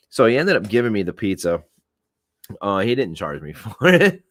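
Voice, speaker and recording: A man in his forties tells a casual story on his podcast, laughing and swearing freely. His voice sits low but swings widely and lively. The sound is dry and close. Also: normal speed, dry recording. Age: 40s. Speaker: podcast host.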